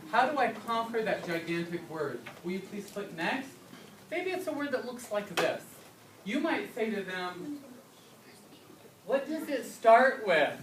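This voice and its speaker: A woman reading teacher presenting to parents and patiently acting out child and parent prompts. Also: mid-range voice. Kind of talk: live presentation to an audience. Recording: echoey room, speaker far from mic, audible background noise.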